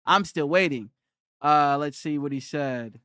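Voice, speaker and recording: Young guy arguing with his chat live, a bit high, crisp and dry, keeps repeating himself. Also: unhurried, sharp tone, dry recording. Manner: argumentative, repeats himself, reads chat aloud. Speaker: live streamer answering chat. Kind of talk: casual live-stream chat.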